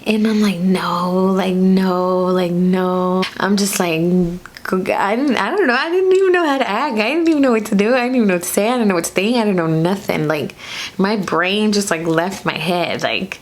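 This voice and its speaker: A woman from Dallas telling a storytime vlog in a chatty, animated way, full of "like" fillers. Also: mid-range voice, a little fast, a little hiss or hum. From Dallas, Texas. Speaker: nail artist and vlogger.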